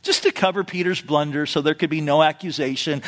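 A man preaching a sermon with a fairly high voice, telling the story casually and leaning on "you know" asides. He acts out quotes with a lifted voice. The sound carries a long reverb, as from a large hall. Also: fairly even intonation, fast talker, a bit bright. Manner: conversational storytelling, acting out quotes with a raised voice. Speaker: pastor.

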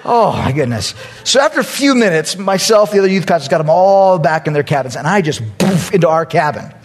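Animated husky male pastor. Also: fairly high pitch, a little fast. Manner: animated storyteller, acts out quotes loudly. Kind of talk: sermon with storytelling.

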